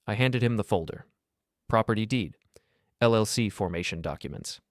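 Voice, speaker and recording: Speaking in a very low, calm and measured voice, a male narrator tells a story in the first person. The sound is close and dry, without any room sound.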